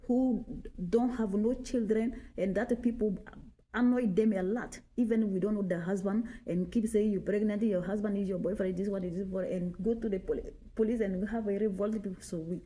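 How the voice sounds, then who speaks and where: A woman's voice: mid-range voice, steady tone, moderate pace, mellow. A woman in her forties from Mali, speaking. She talks casually to the camera, repeating her points for emphasis and often checking in with "okay?". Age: 40s. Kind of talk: casual personal talk to camera.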